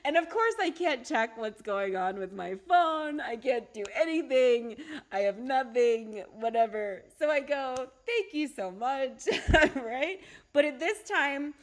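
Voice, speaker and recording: A middle-aged woman, a holistic doctor, talking casually on a livestream, chatty and animated, often asking "right?" and laughing. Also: high-pitched, a little slow. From United States. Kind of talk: casual livestream talk with storytelling.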